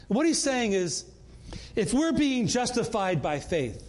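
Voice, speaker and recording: A man's voice: very high voice, very animated, a little slow, darkish tone. A man leading a Bible study in an earnest, conversational way, often repeating words and restarting.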